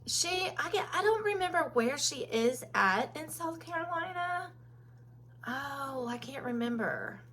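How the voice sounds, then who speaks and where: A woman's voice: sits high, expressive, measured pace, fairly bright tone. A woman from Kentucky with a Southern accent, hosting a casual makeup live stream and chatting with viewers by name between many ums.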